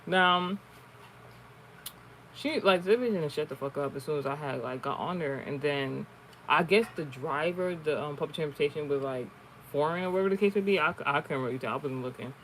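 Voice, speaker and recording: Man, higher-pitched, casual, profane, rambling, frequent restarts. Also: fairly quick, fairly bright tone, slight background noise, low-quality recording. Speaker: online streamer. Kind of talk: casual storytelling and card reading.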